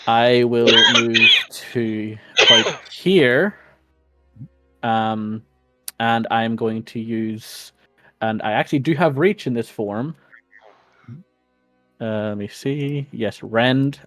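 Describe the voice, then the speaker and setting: A man's voice: lowish voice, slow pace, no echo, faint music behind. A man playing a tabletop game, talking casually with giggles and frequent swearing. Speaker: player.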